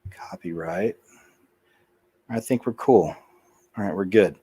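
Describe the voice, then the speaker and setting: Low-voiced man hosting a commentary vlog. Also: lively intonation, moderate pace, warm tone, husky, dry recording. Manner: casual, muttering asides. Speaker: channel host. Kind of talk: reading news and commenting.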